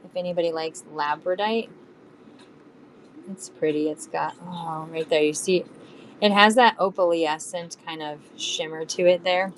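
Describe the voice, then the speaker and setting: Casual woman seller on a live stream, lowish voice, faint hiss behind, chatty and hums between items. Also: fairly even intonation, measured pace, rough recording. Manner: chatty, counts beads aloud, hums while working.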